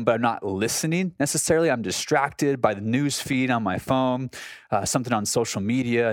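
A man's voice: mid-range voice, dry recording, studio quality. Earnest man hosting a faith podcast. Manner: earnest and conversational, with frequent restarts. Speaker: podcast host. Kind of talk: reflective devotional talk.

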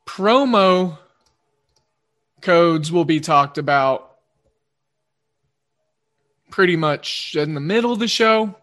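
A man with an Oklahoma twang hosting a sports betting podcast in a rambling, quick-fire casual monologue that often corrects itself. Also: on the high side, expressive, fairly bright tone.

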